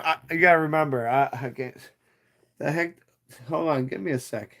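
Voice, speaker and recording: A man's voice: on the high side, normal speed, gravelly, pauses often, fairly bright tone. A man in his thirties hosting a livestream, chatting casually and profanely with viewers in a rambling, playful way. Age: 30s. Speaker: livestream host.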